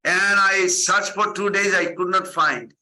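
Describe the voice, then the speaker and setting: A man's voice: high voice, fairly even intonation, unhurried, sharp tone, voice pushed up, exaggerated voice, low-quality recording. A man voicing a simple village woman who earnestly tells why she is weeping. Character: simple village woman mourning her lost goat.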